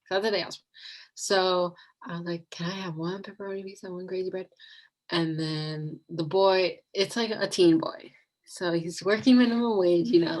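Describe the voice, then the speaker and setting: A woman's voice: on the low side, rough recording. A young woman telling a rambling storytime over a video call, packed with "like" and giggles. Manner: rambling, fillers like "like" a lot, giggly. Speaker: vlogger. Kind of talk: casual storytime.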